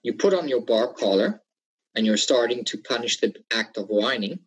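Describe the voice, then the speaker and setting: Male trainer, husky voice, plain webinar lecture delivery. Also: medium pitch, expressive, normal speed, rough recording. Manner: instructive, repeats key points, some fillers. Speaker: dog trainer.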